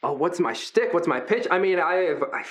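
A man voicing a huge, gentle, triceratops-like male arena performer who gives friendly, rambling pep talks. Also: high voice, lively intonation, moderate pace, pitched above the performer's own voice.

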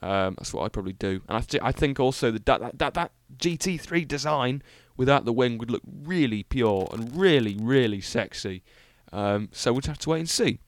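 A man's voice: mid-range voice, animated, normal speed, few pauses, dry recording. A young British man hosting a solo car-review podcast, talking in a rambling, enthusiastic, self-mocking way with lots of fillers. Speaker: podcast host.

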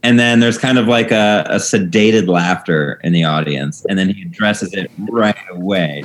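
Male co-host, lowish voice, relaxed casual retelling. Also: normal speed, few pauses, slight background noise, poor audio. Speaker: podcast co-host. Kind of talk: casual podcast chat.

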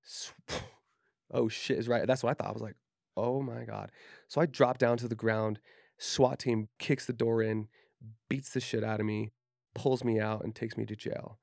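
Gravelly-voiced man telling a candid story. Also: lowish voice, flat delivery, normal speed, darkish tone, no echo, studio quality. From Utah, USA. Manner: candid, profane, acts out quoted speech. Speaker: podcast guest, tattoo artist. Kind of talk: casual storytelling interview.

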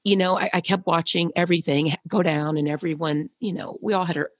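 A woman's voice: fairly low pitch, steady tone, fast, no room sound. A woman who leads a women's ministry, a guest sharing a personal testimony in an earnest, heartfelt way with frequent restarts.

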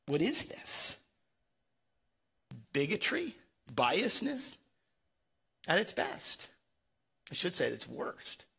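Man, sermon, bright tone, repeats words for emphasis. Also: a little high, breathy edge. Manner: emphatic preaching with frequent stammered repeats. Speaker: pastor.

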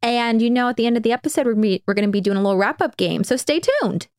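A woman's voice: a little high, expressive, racing, a little mellow, dry recording, clean studio sound. A young woman co-hosting a podcast in casual, chatty talk, rambling a little with fillers. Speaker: podcast co-host. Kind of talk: casual chat.

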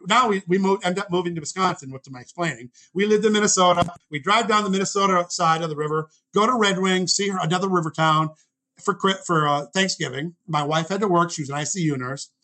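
A man in his sixties with a high, bright voice spins a rambling personal story as a guest. He stops often to correct himself. He acts out the people he quotes. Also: quick pace, rough recording. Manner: rambling, self-correcting anecdotes. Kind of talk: storytelling in conversation.

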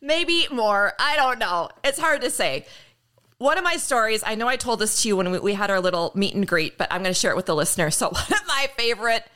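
Lively, bright-voiced woman host. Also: a little high, fairly quick. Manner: animated storytelling, laughs often. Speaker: podcast host. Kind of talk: casual chat.

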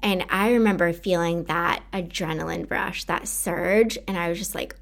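A woman with a fairly low voice hosts a casual podcast, speaking in a candid, earnest, conversational way. She talks straight to the listener in a relaxed personal monologue, dropping in many fillers. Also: moderate pace, creaky, hardly any pauses. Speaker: podcast host.

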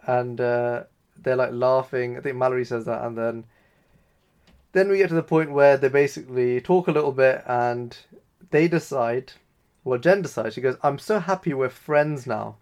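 Male co-host, mid-pitched, chatty scene-by-scene recapper. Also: normal speed, darkish tone, clean tone. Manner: retells scenes with loose quoted lines. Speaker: podcast co-host. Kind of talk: casual recap discussion.

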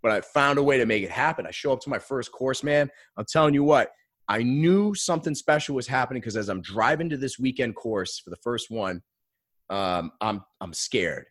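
A man telling a personal story in a casual interview, earnest and animated, often adding "man.". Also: mid-range voice, moderate pace, no echo, clean studio sound. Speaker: guest.

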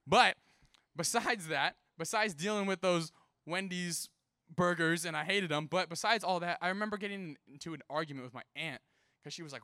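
A man's voice: on the high side, brisk, smooth, dry recording, clean studio sound. A young man preaching a casual sermon, telling a personal story and acting out the people in it. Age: young adult. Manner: animated, casual, acts out quoted voices. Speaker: youth preacher.

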